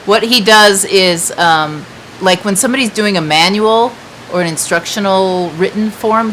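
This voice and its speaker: A woman's voice: on the low side, fairly bright tone, a little hiss or hum, poor audio. A woman hosting a casual chat to viewers from a patio, talking in a chatty, rambling way with many fillers. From United States. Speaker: craft shop host. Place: outdoor patio.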